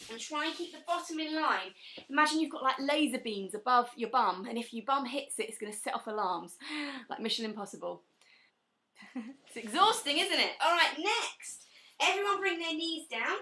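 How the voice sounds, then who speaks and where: A woman's voice: sits high, bright, forceful tone, distant mic. A young woman teaching a pilates class, counting breaths and giving friendly corrections to participants. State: out of breath at times. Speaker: pilates instructor. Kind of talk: live online fitness class instruction. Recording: echoey room, away from the mic.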